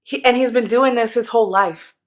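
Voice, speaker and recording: A woman's voice: fairly high pitch, brisk, natural voice. A woman voicing a worried older king who talks in a cautious, lecturing way. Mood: warning.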